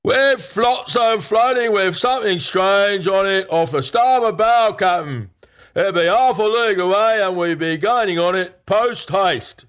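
A man voicing an eager pirate lookout calling down from the topmast in a high strained voice for a storybook reading. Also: measured pace, fairly bright tone, clean tone.

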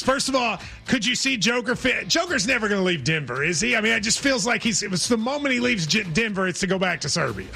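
A man hosting sports talk radio with a high, bright voice, briskly taking calls and firing back reactions. Faint music plays under him. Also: animated, gravelly.

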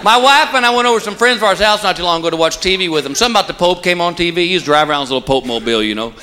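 A man doing a stand-up comedy routine, telling stories and landing punchlines in an animated way. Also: high voice, very fast, a little hiss or hum. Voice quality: animated storyteller, punchline delivery. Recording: live club, loud audience. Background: crowd laughter.

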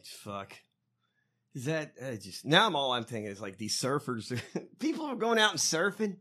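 A man co-hosting a casual comedy chat, profane and mocking, quick to laugh. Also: medium pitch, sing-song, sharp tone. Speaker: podcast co-host.

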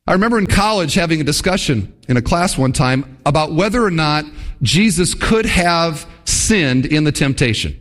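A man's voice: fairly high pitch, animated, moderate pace, fairly bright tone. A man preaching an expository sermon in a church hall, earnest and full of rhetorical questions. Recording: long hall reverb.

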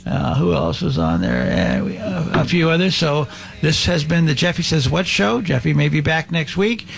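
A man hosting a talk show, speaking haltingly with many fillers and restarts. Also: a little high, big pitch swings, vocal fry. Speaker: host.

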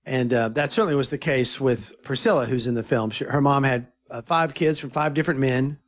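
A man's voice: medium pitch, fairly quick. A man being interviewed about his film, telling stories in a casual, eager way and often quoting what others said. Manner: animated, eager storyteller who quotes others. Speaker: filmmaker guest.

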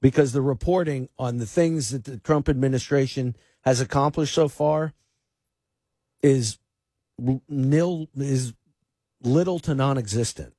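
A man's voice: mid-range voice, unhurried, warm tone, husky, no echo. A man filling in as host of a talk radio show, giving emphatic political commentary and often restarting with repeated words.

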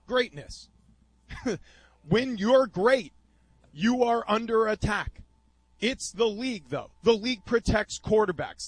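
A man, a former pro football player, co-hosting sports talk radio in a measured, explanatory way. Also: sits high, a bit bright, no echo, rough recording. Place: radio studio.

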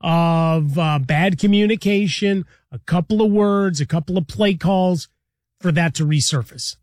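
A man with a fairly high voice, co-hosting a sports show in a relaxed, wandering way and reaching for homespun comparisons. The sound is dry and close, recorded right on the mic. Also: measured pace, no room sound. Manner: relaxed, rambling, uses folksy analogies. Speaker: sports talk show co-host. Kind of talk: conversational sports radio analysis.

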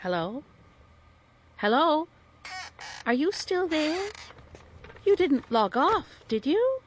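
A woman's voice: on the high side, very animated, takes it slowly, slight background noise. An actress playing a chatty elderly widow in a radio drama, fussy and muddling her tech words. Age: older.

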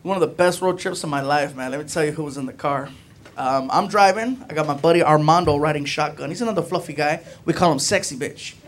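This is a male stand-up comedian telling an animated story on stage. His voice sits high for a man. The live recording has steady noise. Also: fast.

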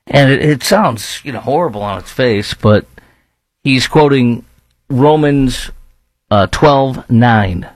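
A man's voice: medium pitch, animated, takes it slowly, dry recording, rough recording. A man hosting a show of opinionated political commentary, talking in a sarcastic, argumentative way. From lives in Dallas-Fort Worth.

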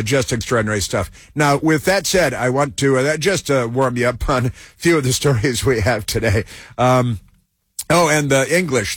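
A man hosting a talk radio show, telling a story in a sarcastic, deadpan way. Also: mid-range voice, dry recording, studio quality. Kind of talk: casual talk radio monologue.

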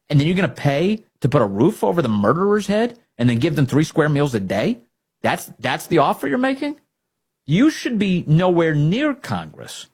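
A man hosting a political talk show, animated and sarcastic, often mocking opponents. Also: fairly high pitch, slightly rough. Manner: animated, sarcastic, mocks opponents in put-on voices. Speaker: radio show host.

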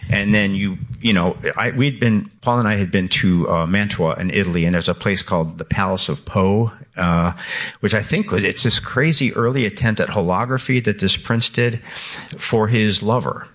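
Low husky man in his sixties. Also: moderate pace. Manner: animated, laughing, many restarts. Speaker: author guest. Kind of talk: radio interview conversation.

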